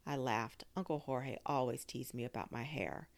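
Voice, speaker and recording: A woman narrating a children's story in an expressive storytelling manner. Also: extremely low pitch, normal speed. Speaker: audiobook narrator.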